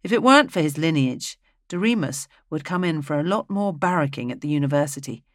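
Steady fantasy audiobook narrator, dry sound. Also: medium pitch, a little fast, no echo.

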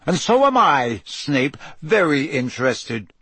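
A man voicing a gruff, scarred old male wizard who growls and barks his words with loud menace, in an audiobook reading. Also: fairly high pitch, big pitch swings, takes it slowly, dry recording, full character voice. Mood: threatening. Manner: growling, barking, loud and emphatic.

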